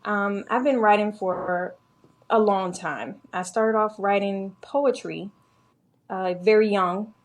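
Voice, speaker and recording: A woman's voice: mid-range voice, steady tone, slow pace. A woman from Georgia, a guest author, talking through her writing life in a casual interview.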